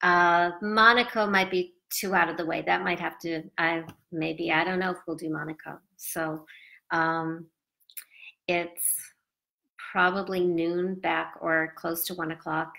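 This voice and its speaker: A woman chats in a loose, rambling travel vlog and often stops to hunt for words. She sounds worn out and sleepy, and her voice has a bright, forward edge. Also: on the low side, level tone, measured pace, vocal fry. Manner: chatty, rambling, with many fillers. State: tired and sleepy. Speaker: travel vlogger.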